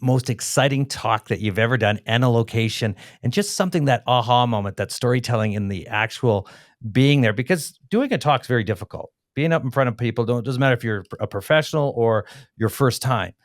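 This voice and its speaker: A man's voice: mid-range voice, animated, brisk, no echo. A man hosting a podcast, asking long, rambling questions and teasing his guest. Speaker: podcast host. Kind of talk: casual interview questions. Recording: dry close sound.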